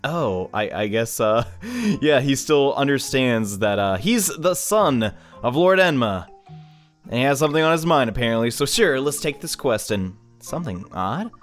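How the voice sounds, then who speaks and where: A man hosting a let's play, casually commentating on a game, excitable and laughing often. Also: mid-range voice, normal speed, faint music behind.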